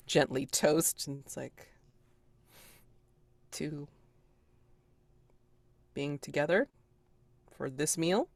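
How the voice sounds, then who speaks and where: A woman's voice: a bass voice, gravelly, no room sound. A woman describes her character's actions in an online tabletop game. She talks in a hesitant, rambling way, circling back over her words and laughing often. Her voice sounds close and dry, with little room around it. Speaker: player.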